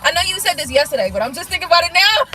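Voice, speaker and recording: A woman hosting a casual tarot live stream, reading viewer comments and talking bluntly with lots of swearing and quick laughs. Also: very high voice, music in the background, poor audio. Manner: blunt, profane, animated, laughs things off.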